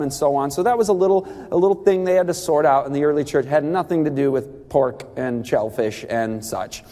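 A man giving an emphatic, animated talk on Bible diet rules, with quick asides and laughs. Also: on the high side, in a large hall.

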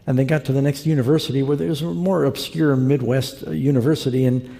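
A man delivers a sermon in a gravelly, darkly mellow voice, moving between scripture and a told story in an earnest, conversational manner. His words ring out with the long reverb of a large hall. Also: mid-range voice, fairly even intonation, fast talker. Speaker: preacher.

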